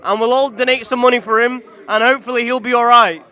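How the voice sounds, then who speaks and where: A man's voice: extremely high pitch, steady tone, fast talker, bright, forceful tone, smooth. A man, a boxer trash-talking his opponent in a mocking, boastful, slangy way. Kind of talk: trash talk before a fight.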